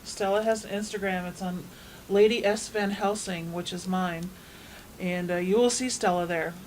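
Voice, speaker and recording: A woman's voice: fairly low pitch, steady tone, moderate pace, darkish tone, poor audio. Chatty woman with faint hiss behind. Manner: chatty storyteller. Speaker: haunt co-founder guest. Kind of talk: casual studio interview.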